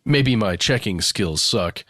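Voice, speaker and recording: A man's voice: on the low side, animated, slow, bright, forceful tone, no room sound, studio quality. A man co-hosting a podcast, reading a listener's email aloud in a loose, chatty way with casual swearing. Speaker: podcast co-host.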